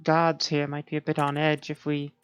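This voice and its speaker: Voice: mid-range voice, monotone, normal speed, smooth. A tabletop player chatting casually, thinking aloud with hesitations. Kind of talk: casual game chat. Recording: dull lo-fi with faint music.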